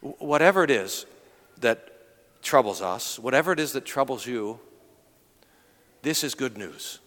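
A male pastor preaching an earnest sermon, telling a story and slowing down to go soft on key lines. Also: mid-range voice, expressive, in a large hall. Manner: earnest storytelling, drops to slow and soft for emphasis.

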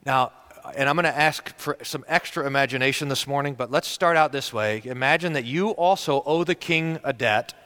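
A man's voice: mid-range voice, moderate pace, a bit bright. A male pastor preaching a sermon in a conversational storytelling manner, often restarting his sentences.

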